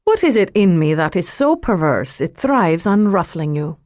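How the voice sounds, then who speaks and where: Suave rich man, read by a woman, faint Irish lilt, amused and unhurried, low and dry. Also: very animated, darkish tone, no echo. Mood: amused, smooth. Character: suave wealthy man, teasing and self-assured. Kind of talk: audiobook character reading.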